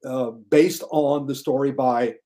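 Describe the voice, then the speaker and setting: An older man talking casually as a podcast guest, lively, often mimicking others in high mocking voices. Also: a little slow. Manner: animated, mocks critics in high shouted voices. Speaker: guest film critic.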